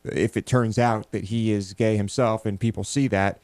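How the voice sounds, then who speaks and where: Wry low-voiced male co-host. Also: steady tone, normal speed, a little mellow, dry recording. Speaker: talk show co-host. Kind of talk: political talk show banter.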